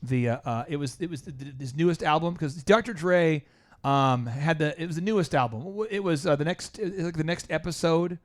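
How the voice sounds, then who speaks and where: With a fairly high, brisk voice, this coaching podcast host spins animated, forceful stories, frequently breaking off and starting his sentences over.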